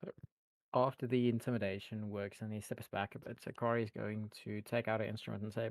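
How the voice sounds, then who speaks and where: A man playing a tabletop game, relaxed and joking. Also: lowish voice, brisk, dry recording. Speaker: player.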